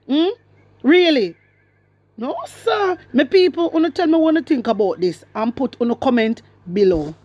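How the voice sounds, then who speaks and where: A woman's voice: sits high, animated, normal speed, a little mellow, lo-fi sound. A woman with a Jamaican accent giving emphatic, repetitive political commentary to her viewers, mixing in patois. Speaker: commentary vlogger.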